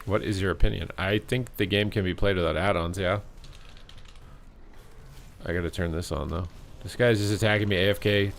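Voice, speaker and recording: A man's voice: deep voice, fairly even intonation, moderate pace, gravelly, long pauses, soft background music. A young man streaming a game live, giving playful commentary full of jokes and trash talk.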